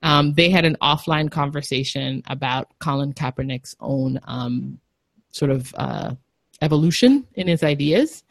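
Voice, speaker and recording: A woman's voice: sits low, a little slow, gravelly, dry recording. A young woman co-hosting a podcast in casual chat, rambling and laughing easily. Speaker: podcast co-host.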